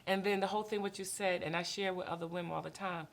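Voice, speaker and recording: A woman's voice: on the low side, fast, vocal fry. A middle-aged woman co-hosting a candid faith talk, telling stories and acting out dialogue with God. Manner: animated storyteller, acts out dialogue with God. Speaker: podcast co-host, mother.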